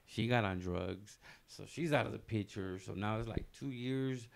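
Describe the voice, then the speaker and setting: A man with a gravelly, creaky voice tells a personal story in casual podcast chat. He rambles loosely, doubling back on himself with plenty of fillers and restarts. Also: fairly low pitch, normal speed. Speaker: comedian podcast guest telling a story.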